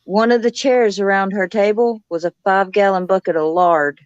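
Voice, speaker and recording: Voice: medium pitch, fairly even intonation, normal speed, dull audio, noisy background. A speaker in a casual chat, telling family anecdotes with relish. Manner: chatty, tells anecdotes with relish.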